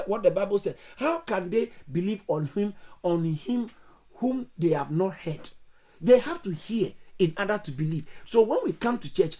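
Over a video call for an online church service, a male pastor preaches emphatically, repeating phrases and bursting into sudden high exclamations. His voice is husky with a darkish tone.

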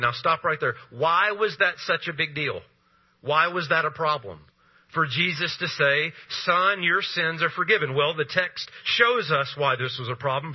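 Man, pastor, sermon, rhetorical questions, dramatic pauses, husky voice, slightly high pitch. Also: lo-fi sound.

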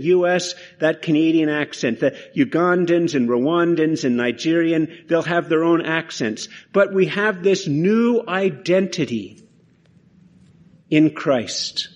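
A pastor preaches a sermon earnestly and conversationally, often restarting his phrases. His voice is fairly high-pitched and a little mellow, and the recording has its highs cut off.

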